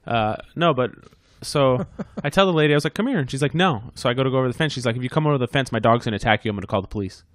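A man's voice: mid-range voice, lively intonation, rapid-fire, few pauses, fairly bright tone, no echo, studio quality. A man co-hosting a casual podcast, telling a heated story with lots of swearing. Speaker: podcast co-host.

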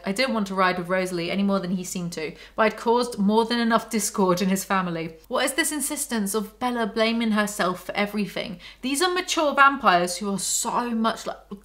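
A woman's voice: medium pitch, bright, forceful tone. A woman reviewing a novel, reading passages aloud and breaking off into sarcastic, exasperated commentary. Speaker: book reviewer.

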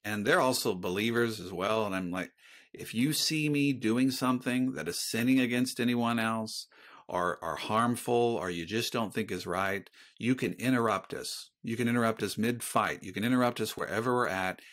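A man's voice: fairly low pitch, moderate pace, a bit bright. A middle-aged man speaking as a guest author in a podcast interview, earnest and reflective as he talks about faith.

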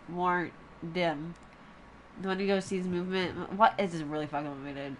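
A woman's voice: fairly low pitch, fairly quick, a little hiss or hum. A woman joking bluntly and swearing freely as she plays a video game alongside her partner. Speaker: co-player in a couple's let's-play. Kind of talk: casual let's-play banter.

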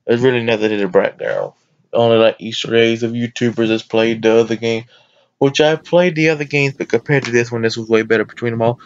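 A man giving casual let's-play commentary on a horror game, excitable and prone to yelping and shouting at the screen. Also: medium pitch, brisk, muffled recording. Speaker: gameplay commentator.

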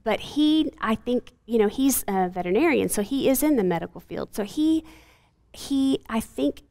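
Woman in her 40s telling a hard story, creaky voice, lots of ums. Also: on the high side, animated, warm tone. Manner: earnest, halting with frequent fillers. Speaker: guest, mother of a sick child. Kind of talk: emotional personal testimony in an interview.

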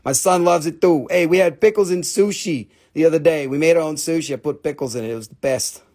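A man hosting a live rock and mineral sale, chatting casually. He talks fast, rambles with excitement and swears freely. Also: a little high. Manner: talks fast when showing items. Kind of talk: live sales stream, casual chat.

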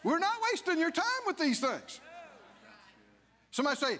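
A male pastor preaching a sermon in a church, swinging from low asides to shouted declarations. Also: very animated, moderate pace, long pauses. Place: church sanctuary. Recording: long church reverb.

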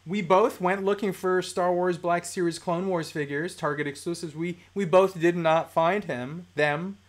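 A live-stream host talking casually about toy collecting at a home desk mic, chatty, mildly profane and quick to laugh. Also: medium pitch, steady tone. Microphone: desk microphone.

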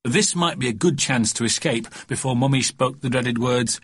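A man narrating a children's storybook in a lively, expressive reading. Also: medium pitch, moderate pace, husky, dry recording. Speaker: audiobook narrator.

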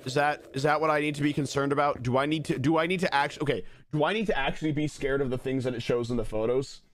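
A man's voice: on the high side, quick pace, a little hiss or hum. A man streaming, reading a passage aloud and musing on it with questions to himself. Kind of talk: reading text aloud and reacting.

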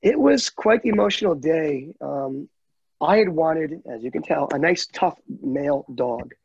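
Heartfelt man, husky and gravelly, dry dull lo-fi call sound, higher voice. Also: expressive, measured pace, a little mellow, no echo. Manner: heartfelt, candid, chokes up at times. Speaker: guide dog client telling his story. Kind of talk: emotional interview storytelling.

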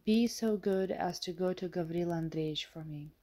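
A woman's voice: on the low side, normal speed, warm tone, lightly acted. A woman reading the part of a frail old mistress who plays the oppressed victim, speaking in a subdued, weak voice. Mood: plaintive. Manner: subdued, weak, martyred pleading.

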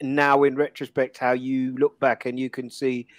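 A man's voice: medium pitch, level tone, normal speed, no room sound. A man hosting a casual chat, teasing his co-host. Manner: teasing, then reflective.

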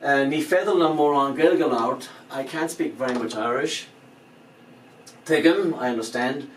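A man in a relaxed lesson at an ordinary pitch, who patiently repeats phrases and spells words out letter by letter. He sits back from the mic in a roomy, echoey space, with a faint hum behind him. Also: moderate pace, recorded from a distance. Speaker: language teacher. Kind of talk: informal spoken language lesson.

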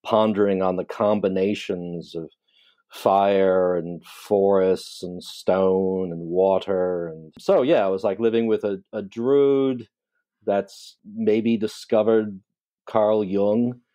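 A middle-aged man with a very deep, mellow voice chats casually, wandering through wry asides and playful tangents. His talk is relaxed and unhurried in its turns. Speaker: guest on a call. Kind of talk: casual chat.

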